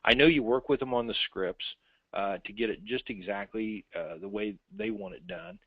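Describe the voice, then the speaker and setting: A man's voice: on the low side, expressive, moderate pace, creaky, slightly rough, no room sound. A man hosting in casual chat, enthusiastic and full of fillers and restarts. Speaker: host. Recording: tinny phone-like line.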